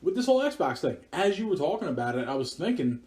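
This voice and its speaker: Young male podcast co-host, Philly accent, swears and laughs freely, slightly high voice. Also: sing-song, fast talker, darkish tone. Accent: Philadelphia. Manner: loose, profane, laughs a lot. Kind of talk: casual chat.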